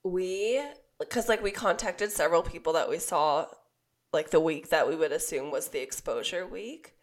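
A young woman co-hosting a podcast, hoarse and raspy from being sick, telling a rambling story with laughs. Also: on the low side, normal speed. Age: young adult. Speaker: podcast co-host. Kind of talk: casual chat.

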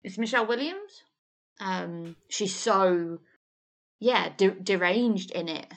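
A woman co-hosting a relaxed movie podcast, her voice sitting at an ordinary middle pitch. She talks in a chatty, blunt way, swears freely, and often trails off and restarts mid-thought. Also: slow pace. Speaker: podcast co-host. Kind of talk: casual film chat.

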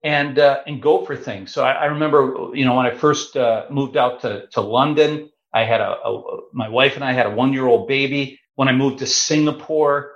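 A man in his fifties telling a story in an animated, chatty way, with fillers along the way. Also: mid-range voice, moderate pace, hardly any pauses. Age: 50s. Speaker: guest. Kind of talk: casual storytelling. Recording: roomy, slightly dull sound.

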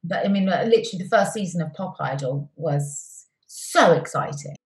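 A middle-aged woman, a TV presenter as interview guest, telling stories warmly and effusively with many restarts. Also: lowish voice, animated, moderate pace. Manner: warm, effusive storytelling with restarts. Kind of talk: conversational interview. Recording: roomy echoey sound.

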